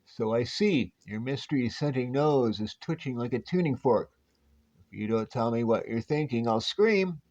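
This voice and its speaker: A man's voice: medium pitch, animated, normal speed, darkish tone, lightly acted. A man voicing a spirited, teasing young wife in a raised put-on voice, on a dull lo-fi recording.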